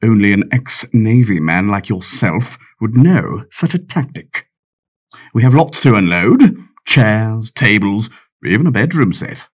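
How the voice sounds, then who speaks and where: A man's voice: lowish voice, big pitch swings, measured pace. A man voicing a weary, dry navy captain in an audiobook, exasperated and lecturing. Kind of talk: audiobook character voice.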